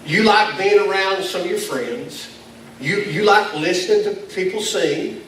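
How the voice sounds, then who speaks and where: High-voiced pastor in an echoey hall. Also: male voice, a little slow, fairly bright tone. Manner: folksy, self-deprecating, with chuckles. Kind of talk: conversational sermon. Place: church meeting in a school building. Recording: echoey hall, distant mic, faint noise.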